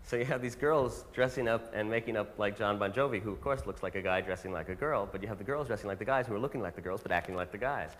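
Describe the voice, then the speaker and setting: A man who writes and produces songs, talking candidly and wryly, his phrases sinking low at the ends. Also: a bit bright, long reverb tail, slight background noise. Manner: fast, wry, trailing low at phrase ends. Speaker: songwriter and producer. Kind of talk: candid interview monologue.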